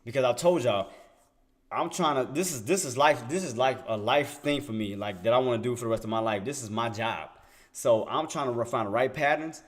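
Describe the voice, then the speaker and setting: A young adult man giving casual, emphatic commentary on trading charts, repeating himself and firing rhetorical questions at his viewers. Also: medium pitch. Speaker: day trader streaming market commentary. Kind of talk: casual screen-share commentary.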